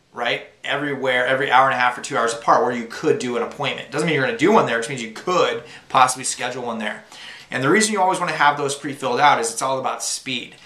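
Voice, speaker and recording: A man's voice: mid-range voice, bright, forceful tone, roomy sound. A young man giving casual, upbeat tips to new sales reps, with lots of fillers. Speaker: sales trainer. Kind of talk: instructional talk to new reps.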